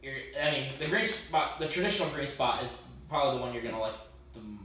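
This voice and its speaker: A man's voice: mid-range voice, expressive, fast, bright, forceful tone. Echoey, slightly distant man chatting whiskey. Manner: opinionated, restarts phrases, prefers bourbon. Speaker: whiskey tasting co-host. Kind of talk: casual tasting chat. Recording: very echoey room, a bit off-mic.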